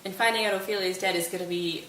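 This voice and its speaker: A woman retells a play casually, wry and full of slang, her voice at an ordinary middle pitch. She sits a little away from the mic in a roomy space, with faint hiss behind her. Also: fairly even intonation, quick pace, a bit bright, far from the mic. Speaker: student summarizing a play.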